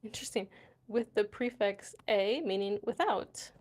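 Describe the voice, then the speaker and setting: A woman's voice: mid-range voice, measured pace, a little mellow. A young woman hosting a casual livestream, chatting with viewers and reading aloud. She talks loosely with lots of fillers and tag questions, and laughs often. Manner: chatty, laughs often, many fillers like "right?" and "you know". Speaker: livestream host. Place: Morocco.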